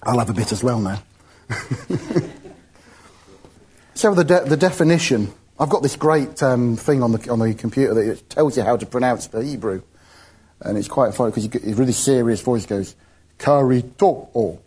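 A man's voice: medium pitch, moderate pace, pauses often, a little mellow, slightly rough. A man giving an informal, chatty sermon, often laughing between his points. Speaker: preacher.

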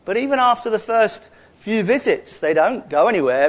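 London guy preaching, kinda high voice, chatty with lots of asides. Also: sing-song, normal speed. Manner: chatty, conversational, asides and rhetorical questions. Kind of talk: sermon.

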